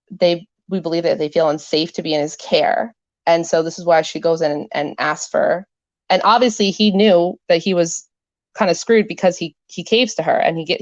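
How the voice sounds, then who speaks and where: Woman host, low-pitched, casual commentary, dry, slightly dull stream sound. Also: darkish tone, no echo. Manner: casual, chatty, lots of fillers and "like". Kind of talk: livestream commentary, reading court filings aloud.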